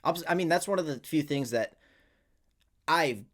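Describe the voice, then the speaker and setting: A man's voice: fairly high pitch, lively intonation, moderate pace, a bit bright. A man co-hosting a podcast in casual chat, candid and self-deprecating about his anxieties. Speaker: podcast co-host.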